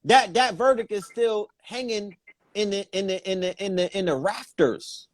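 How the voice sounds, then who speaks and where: A man riding an impassioned, preachy streak, punching each point in turn. His voice sits a touch high for a man. The sound is dry and close, with no room in it. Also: normal speed, no echo. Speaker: guest commentator. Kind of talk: casual podcast talk.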